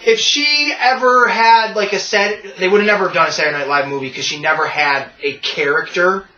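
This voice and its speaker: A man hosting a podcast, chatting casually and retelling a sketch with animated, laugh-filled storytelling. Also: high-pitched, normal speed. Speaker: podcast host. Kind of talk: casual chat. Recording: roomy, distant, dull lo-fi sound.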